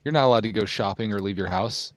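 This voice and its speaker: A man's voice: lowish voice, quick pace, dry recording, clean studio sound. A man in a casual livestream chat, teasing the others with sarcastic remarks.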